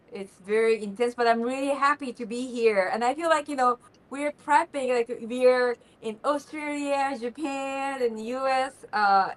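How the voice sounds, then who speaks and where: A woman co-hosting a casual livestream from her kitchen, chatty and effusive. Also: a little high. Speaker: livestream co-host. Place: home kitchen.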